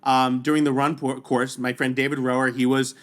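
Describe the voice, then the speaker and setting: A man talking as a podcast guest, telling stories in a casual, animated way with many quick restarts. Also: medium pitch. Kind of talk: casual storytelling.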